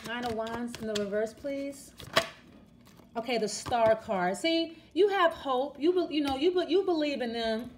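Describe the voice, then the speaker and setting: A woman's voice: on the high side, animated, normal speed, few pauses, background noise. A woman giving a casual, chatty tarot reading straight to the viewer, repeating and restarting her words as she talks. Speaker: tarot reader.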